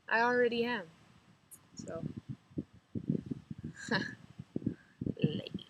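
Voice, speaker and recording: A woman's voice: mid-range voice, a little slow, pauses often, noisy background. Chatty teen girl with a slight drawl. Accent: slight rural drawl. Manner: chatty, rambling, giggly, lots of "like". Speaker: vlogger. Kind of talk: casual chat to camera.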